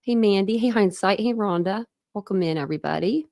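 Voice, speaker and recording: Gravelly-voiced woman chatting with viewers. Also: medium pitch, brisk, dry recording. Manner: chatty, greets viewers one by one; warm and grateful toward viewers. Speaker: livestream host. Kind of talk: casual live chat with viewers.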